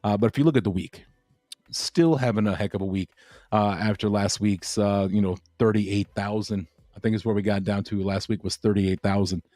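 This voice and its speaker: A man's voice: lowish voice, fairly even intonation, normal speed, warm tone, dry recording. A man hosting a crypto livestream, chatting casually and rambling with lots of fillers and repeated phrases.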